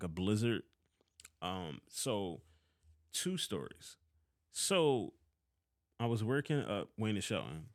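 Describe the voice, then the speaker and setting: A man in his thirties with a Philadelphia accent tells a story about an old boss, heated and swearing often. His voice sits a little low. The sound is dry, with no room echo. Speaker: vlogger. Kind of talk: casual storytelling rant.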